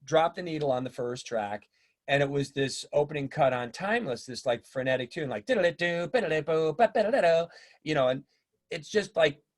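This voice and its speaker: A middle-aged man telling stories in a casual interview, animated and acting out the voices of people he quotes. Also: mid-range voice, a little fast. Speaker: drummer and teacher, interview guest.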